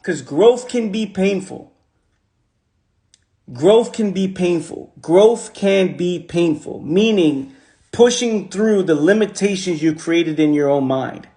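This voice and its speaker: A man's voice: high-pitched, expressive, takes it slowly, warm tone. A man giving a casual motivational talk on a phone livestream, repeating lines for emphasis and using slang. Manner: repetitive, emphatic, preachy. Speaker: motivational speaker.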